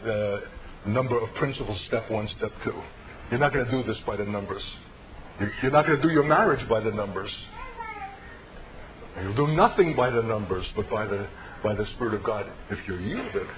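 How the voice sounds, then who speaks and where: A man delivers a personal testimony sermon with passionate, emphatic storytelling. His voice sits at an ordinary pitch. The sound is narrow and tinny, with steady noise under it, like an old radio broadcast. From United States. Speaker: preacher giving his testimony.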